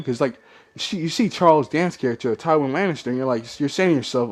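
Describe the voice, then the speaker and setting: A man's voice: fairly high pitch, animated, fast, a little mellow. A man ranting in a movie review vlog, profane and exasperated, often mimicking lines in mock quotes.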